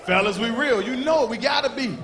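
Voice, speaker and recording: A man performs a stand-up routine in a high, lively voice. He acts out characters in quick voices. The crowd laughter and faint noise of a live show sit behind him. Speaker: stand-up comedian. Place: comedy club stage before a live audience.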